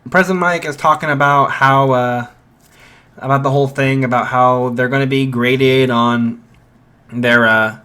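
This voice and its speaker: A man's voice: mid-range voice, sharp tone, clean tone. A young man casually retelling a fan story, rambling with many fillers and restarts.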